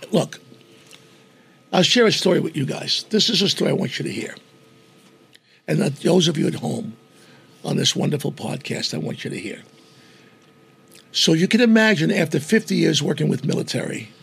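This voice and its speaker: A gravelly older man tells a story in an animated way, taking on the voices of the people in it. His voice is strongly raspy and pitched a little high for a man. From New York. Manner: animated storyteller who acts out quoted voices. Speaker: guest entertainer. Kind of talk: storytelling in conversation.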